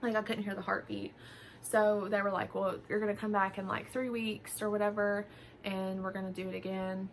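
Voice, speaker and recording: A woman's voice: mid-range voice, little pitch movement, normal speed, vocal fry, a little hiss or hum. A young woman vlogger telling a personal story in a casual, chatty way, full of fillers and quoted dialogue. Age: young adult.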